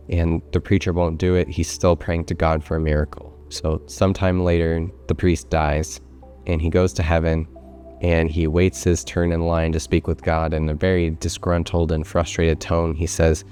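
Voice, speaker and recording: A male psychotherapist giving a measured talk, explaining through parables and sometimes repeating words. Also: low-pitched, flat delivery, dark tone, faint music behind.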